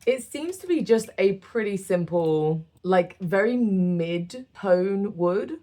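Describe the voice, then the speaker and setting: A young British woman chatting casually through a game build, self-deprecating and quick to laugh. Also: mid-range voice, animated, dark tone, soft background music. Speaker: gaming creator.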